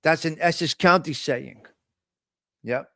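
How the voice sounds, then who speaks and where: A man's voice: fairly high pitch, slow, vocal fry, pushed and bright, dry recording, studio quality. A man hosting a casual live stream, talking bluntly with a lot of profane trash talk. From Italian American. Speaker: host.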